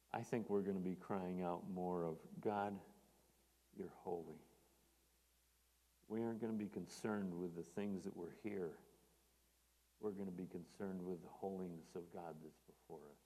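A man's voice: deep voice, fairly even intonation, normal speed, long pauses, mellow, husky, long reverb tail. A man preaching a sermon in an earnest manner, growing emphatic when he quotes scripture.

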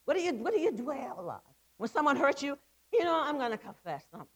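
A woman's voice: high voice, big pitch swings, quick pace, rough recording. A middle-aged woman giving a testimony sermon to women, impassioned and repetitive, with stammered restarts. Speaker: women's ministry speaker.

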